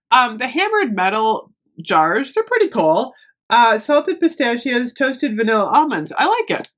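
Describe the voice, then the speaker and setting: A woman vlogger chatting casually through a shopping haul, gushing and rambling, easily excited. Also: on the high side. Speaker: beauty and lifestyle vlogger. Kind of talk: casual haul vlog chat.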